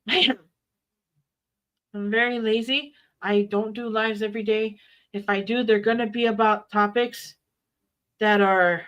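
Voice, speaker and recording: A woman's voice: mid-range voice, a bit bright. A middle-aged woman chatting on a live stream, blunt, defiant and full of profanity. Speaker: livestreamer. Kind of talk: casual live stream chat.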